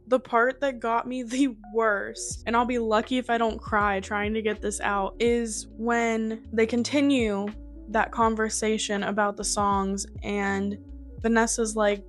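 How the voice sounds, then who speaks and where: A woman's voice: on the high side, level tone, unhurried, soft background music. A woman giving a casual, emotional book review, chatty and full of "like", laughing through tears. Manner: chatty, with many fillers of "like".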